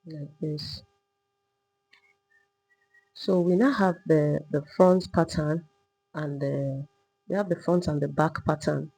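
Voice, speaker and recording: A woman teaching a step-by-step sewing tutorial, calmly talking through each move while she drafts and cuts a pattern. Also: low-pitched, slow pace, pauses often, slightly rough, low-quality recording. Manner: patient, repetitive demonstrating, talking while working. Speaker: sewing instructor.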